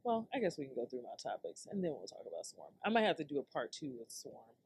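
Her rumbling low voice is creaky, a little mellow and sing-song, and she talks fast, with a bit of hiss or hum in the recording. Hosting her own podcast, she goes on a loose solo rant aimed right at her listeners, laughing and cursing as she goes.

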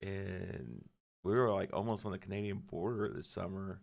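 A man's voice: deep voice, steady tone, moderate pace, vocal fry, darkish tone. A middle-aged man, a guest musician, rambling through stories in casual podcast chat and swearing freely.

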